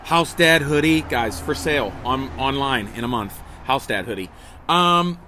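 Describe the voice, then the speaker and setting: A man's voice: mid-range voice, lively intonation, unhurried, bright, forceful tone, a little hiss or hum. A middle-aged man, a comedian hosting a daily livestream, chatting casually and jokily to viewers, rambling with restarts and asides, recorded on a phone outdoors. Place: outdoors at a table beside a house. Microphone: phone on camera.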